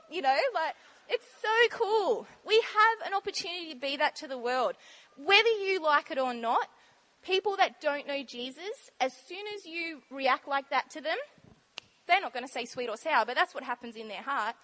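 A woman giving an informal, chatty sermon talk in a church, bubbly and quick to laugh. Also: sits high, animated, fairly bright tone. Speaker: church speaker sharing testimony.

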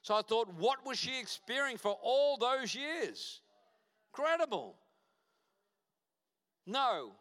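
Emphatic preacher, bright voice. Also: male voice, extremely high pitch, sing-song, takes it slowly, long pauses. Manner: emphatic, repeats short punchy phrases. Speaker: guest pastor. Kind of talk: sermon. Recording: reverberant church hall.

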